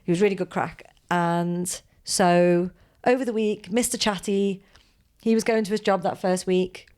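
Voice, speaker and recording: A woman's voice: on the low side, fairly even intonation, unhurried, a little mellow, clean tone. A woman hosting a podcast, telling a long story in a chatty, rambling way with many asides. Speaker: podcast host. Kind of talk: casual storytelling chat.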